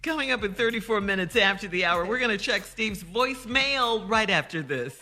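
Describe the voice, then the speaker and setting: A woman's voice: medium pitch, lively intonation, normal speed, pushed and bright, faint music behind. A woman co-hosting a radio morning show, announcing segments in an upbeat, chatty way. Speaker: radio co-host.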